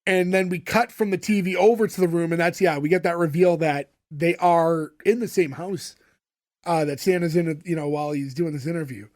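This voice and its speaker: A man's voice: on the high side, fairly even intonation, moderate pace, a little mellow. A man co-hosting a podcast, casually recapping a show episode in a rambling way full of fillers. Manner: rambling, filler-heavy retelling of scenes. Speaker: podcast co-host.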